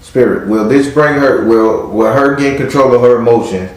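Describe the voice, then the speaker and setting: A man's voice: mid-range voice, normal speed, darkish tone. A man giving a live tarot reading in a blunt, profane, hyped-up way. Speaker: tarot reader. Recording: very echoey room.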